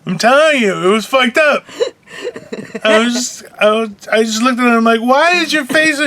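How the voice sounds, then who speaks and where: Bright, high-voiced man rambling and laughing. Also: moderate pace. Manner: rambling, profane, laughing storyteller. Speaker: co-host. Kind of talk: casual chat.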